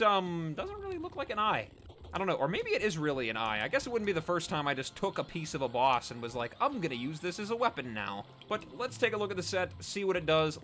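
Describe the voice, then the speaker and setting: A man giving chatty, excitable gameplay commentary as host of his let's play series, often poking fun at himself. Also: on the high side. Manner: excitable, chatty, self-mocking.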